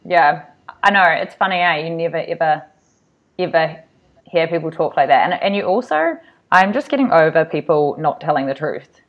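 A young woman co-hosting a podcast, telling animated stories and acting out what people said. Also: low voice, moderate pace. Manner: animated storyteller, acts out quotes. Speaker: podcast co-host. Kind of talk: casual chat. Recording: muffled sound.

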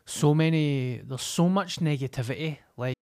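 A man's voice: on the high side, normal speed, a little mellow, soft background music. A Scottish man co-hosting a podcast, telling stories bluntly and swearing in casual chat. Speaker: podcast co-host.

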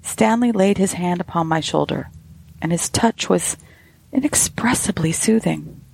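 A woman hosting a podcast, reading a ghost story aloud in a measured, softly breathy way. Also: fairly low pitch.

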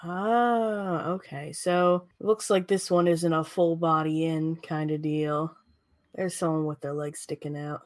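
A woman's voice: deep voice, fairly even intonation, unhurried, no echo. A woman chatting casually as a podcast co-host, making sarcastic, jokey guesses and laughing often. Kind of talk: casual chat, guessing at quiz questions.

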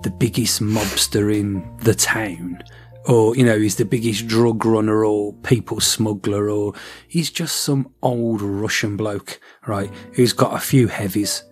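A man with a lowish voice talks in a loose, rambling way, stopping to act out snippets of dialogue. Faint music plays beneath him. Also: fairly even intonation. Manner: rambling, acts out dialogue with quick voice switches. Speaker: podcast co-host. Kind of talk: casual chat.

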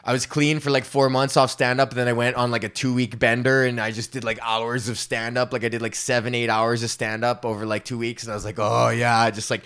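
A man's voice: mid-range voice, level tone, fast talker, few pauses, fairly bright tone, smooth. A young man hosting his own podcast from a home studio, a stand-up comedian ranting casually with lots of swearing, slang and laughter. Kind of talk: casual rambling rant.

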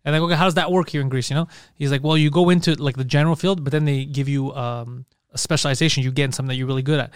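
A man co-hosting a podcast, telling stories in a profane, animated way. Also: medium pitch, very fast, hardly any pauses, clear, resonant tone, no room sound, studio quality. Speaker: podcast co-host. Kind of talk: casual comedic chat.

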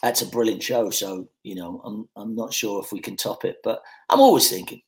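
Relaxed low-voiced actor telling stories. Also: male voice, a little fast. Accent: mixed Scottish and English, Americanised. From Scotland. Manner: relaxed storyteller, frequent fillers and restarts. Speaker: actor guest. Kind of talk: casual podcast chat.

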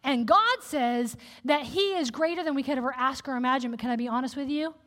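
A woman preacher giving a sermon in a candid, conversational, animated way. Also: sits high, fairly quick. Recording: echoey hall with long reverb.

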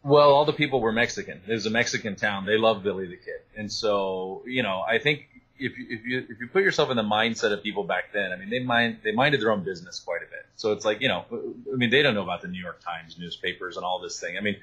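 Husky low-voiced man, talkative author. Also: fast talker, poor audio. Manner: animated, talkative, full of restarts and asides. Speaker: author and guest. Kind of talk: interview conversation.

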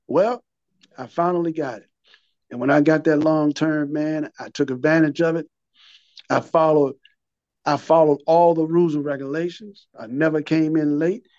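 A man's voice: on the high side, fairly even intonation, normal speed, a little mellow, no room sound, lo-fi sound. A man in his fifties or older, telling his recovery story in an interview, a vivid storyteller who repeats and restarts his words and acts out what people said.

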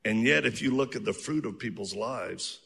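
A man who is an evangelist answering questions on stage in a church, animated and joking as he tells stories from his ministry. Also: lowish voice, moderate pace, vocal fry, slightly rough. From outside the United States. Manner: animated storyteller, joking and earnest. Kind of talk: testimony-filled Q&A answers. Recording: long reverb of a large church hall.

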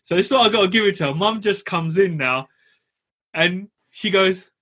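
A man's voice: high-pitched, moderate pace, breathy edge. A man, co-hosting a property podcast, telling a story in a chatty, slangy way. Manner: animated, chatty, slangy, frequent "you know". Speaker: property podcast co-host and landlord. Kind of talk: casual storytelling.

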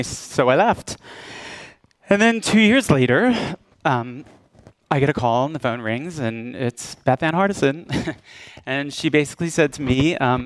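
A man's voice: medium pitch, dry recording. Man telling a story in a dry speech. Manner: storytelling, acting out quoted exchanges. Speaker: casting director. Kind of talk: public speech. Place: event stage.

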